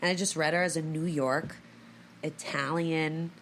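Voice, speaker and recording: Lower-voiced woman telling stories. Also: unhurried, a little hiss or hum. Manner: animated storyteller. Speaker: guest actress. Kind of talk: casual interview chat. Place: podcast studio.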